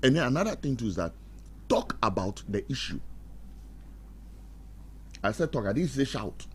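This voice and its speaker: A man's voice: mid-range voice, moderate pace. A middle-aged man giving marriage advice like a preacher on a radio talk show, acting out quarrels and laughing at his own jokes. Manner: animated, acts out quarrels in put-on voices, laughs at own jokes. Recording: faint background noise.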